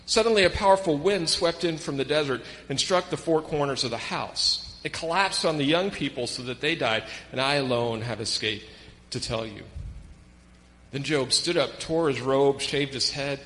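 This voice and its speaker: A man preaching a sermon as pastor, reading scripture aloud with animated emphasis. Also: mid-range voice, normal speed, big-room sound, poor audio.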